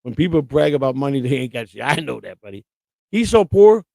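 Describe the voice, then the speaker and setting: A man's voice: mid-range voice, big pitch swings, a little fast, gravelly, darkish tone, dry recording. A middle-aged man hosting a live stream, rambling and combative in casual chat. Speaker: livestream host.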